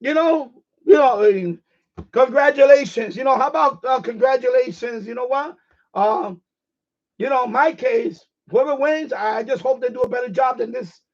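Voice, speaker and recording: Man, very high voice, profane emphatic live-stream rant, dull lo-fi audio. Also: normal speed. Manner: profane, emphatic, repeats phrases. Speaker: ham radio live streamer.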